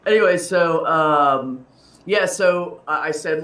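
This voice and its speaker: A man's voice: on the high side, slow, a bit bright. A man telling a personal story in casual chat, candid and emotional, rambling with restarts and laughs. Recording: roomy, distant mic.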